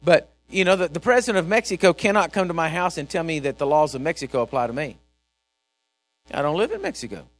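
A man preaching a sermon, animated and repetitive, swinging from shouts to quiet asides. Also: on the high side, quick pace, dry recording. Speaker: pastor.

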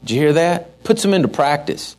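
A middle-aged man preaching a sermon in a folksy, animated way, with asides to the congregation. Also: on the high side, brisk. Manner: folksy, animated, with asides and shouted mock-rants. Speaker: pastor.

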